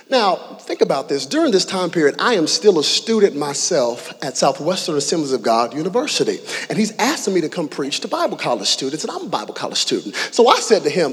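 A pastor in his thirties preaches with lively, humorous storytelling, his fairly high voice climbing into shouts. The sound carries a long reverb from a large church hall. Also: fast, few pauses, slightly rough. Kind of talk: sermon.

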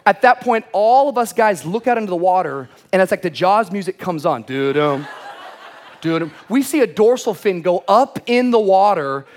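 High-voiced, animated male preacher. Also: moderate pace. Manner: lively, animated, acts out shouted quotes. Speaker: pastor. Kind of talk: energetic sermon with storytelling. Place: large church auditorium.

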